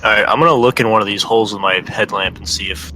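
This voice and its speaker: Deadpan guy at the game table, low voice but really bright and sharp, bit of hiss. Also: quick pace, low-quality recording. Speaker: player.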